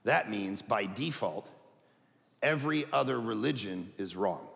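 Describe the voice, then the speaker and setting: A middle-aged man preaching a sermon as a pastor, conversational and animated, dropping to a hush and then rising to a shout. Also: fairly low pitch, a little slow, vocal fry. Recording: echoey hall reverb.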